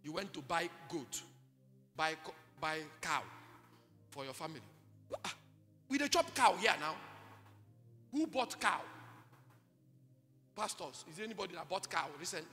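A Nigerian pastor preaching a sermon at a conference, calling out to the congregation for responses and breaking into shouts. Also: male voice, a little high, moderate pace, pauses often. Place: large church conference hall. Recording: reverberant hall with music underneath.

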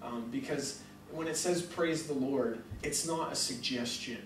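A man's voice: medium pitch, a little slow, slight background noise. A young man preaching animatedly to a crowd, telling jokey stories and acting out both sides of conversations. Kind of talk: animated sermon storytelling. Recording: echoey hall mic from a distance.

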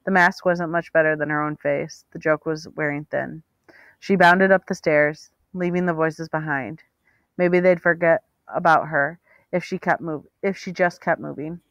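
A woman narrating an audiobook with steady, expressive storytelling. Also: low voice, moderate pace, dry recording, highs cut off. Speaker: audiobook reader.

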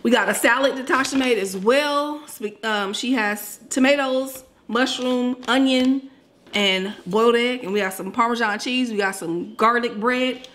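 A woman co-hosting a casual eating vlog, chatting to viewers in a lively, friendly way. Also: a little high, measured pace, slight background noise. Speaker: vlog co-host. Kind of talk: casual mukbang chat.

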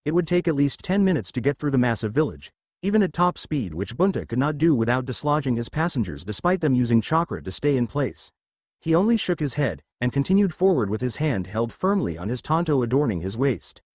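A man reading a fan fiction story aloud as narrator, in an expressive way. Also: medium pitch, a little fast, no room sound.

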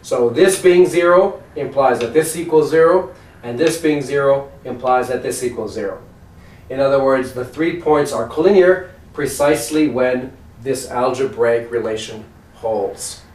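A man giving a measured, explanatory math lecture. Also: mid-range voice, darkish tone, recorded from a distance. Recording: echoey room, voice from off mic.

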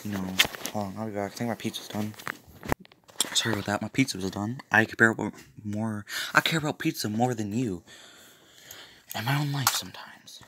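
A man's voice: lowish voice, steady tone, a little fast, noisy background. A young man casually telling a fan-made story, rambling with loose fillers, restarts and jokey asides.

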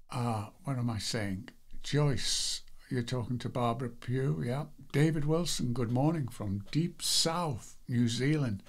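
A man hosting a live devotional stream, chatting casually and greeting viewers one by one, rambling a little with fillers. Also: mid-range voice. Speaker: devotional livestream host.

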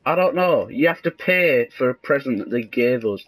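A young gaming video host commentates on a game casually, sarcastic and deadpan, then suddenly yelps with excitement. His voice is mid-range at a moderate pace, and the recording is rough.

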